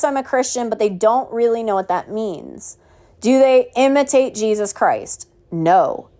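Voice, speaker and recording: A woman's voice: on the high side, darkish tone. A woman teaching a Bible study in a preachy, mocking tone, asking rhetorical questions and reading scripture aloud. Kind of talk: home Bible study sermon.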